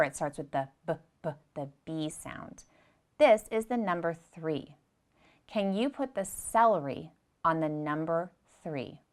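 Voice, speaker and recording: Patient preschool teacher woman, low voice. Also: vocal fry. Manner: gentle, patient, speaks to small children and repeats instructions. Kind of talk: slow, clear lesson for young children.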